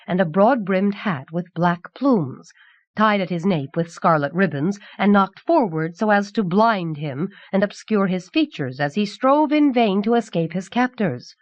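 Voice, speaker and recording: A woman narrating a fantasy novel as an audiobook reader, in a steady, measured voice. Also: mid-range voice, no echo. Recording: dull old cassette audiobook.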